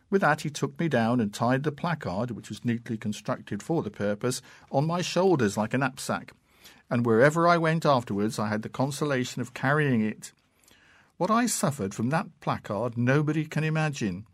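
A man reading classic fiction aloud in a measured, unhurried and expressive way. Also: mid-range voice, no echo. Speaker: narrator.

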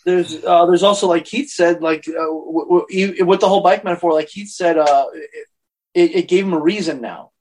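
A man with a slightly raised voice joins a casual film discussion. He speaks haltingly, with plenty of "uh"s and restarts. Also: sits high, darkish tone, a little hiss or hum. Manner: halting, with many "uh"s. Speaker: podcast co-host.

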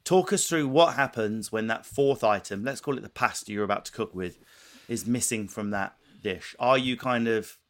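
A man's voice: mid-range voice, normal speed. A man hosting a casual chat, wry and storytelling, acting out little quotes. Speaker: podcast host.

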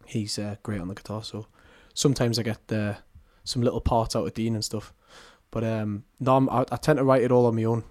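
A man's voice: lowish voice, fairly even intonation, fairly quick, few pauses, darkish tone. A young man in his twenties, a musician chatting casually and self-deprecatingly as a guest, laughing often. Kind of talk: casual chat.

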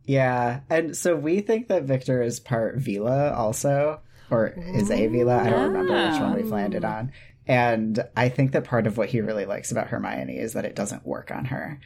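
A woman hosting a casual podcast chat, dry and relaxed as she introduces segments. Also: extremely low pitch, moderate pace. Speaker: podcast host.

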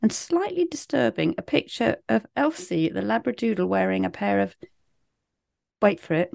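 A woman's voice: medium pitch, very animated, moderate pace, vocal fry, a little mellow. A woman co-hosting a chatty podcast, with a dry, teasing sense of humour. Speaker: podcast co-host. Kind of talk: casual chat.

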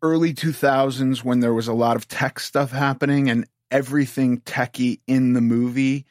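Relaxed man chatting about his past. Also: medium pitch, moderate pace, no room sound, clean studio sound. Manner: relaxed, conversational, loosely phrased. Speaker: actor. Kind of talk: casual interview chat.

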